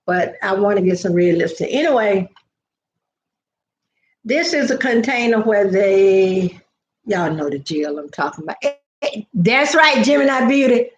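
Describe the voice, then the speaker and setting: An older woman hosts a casual livestream chat, greeting viewers by name and drifting off into family stories in a chatty way. Her voice is medium-pitched, and the recording sounds roomy with the highs cut off.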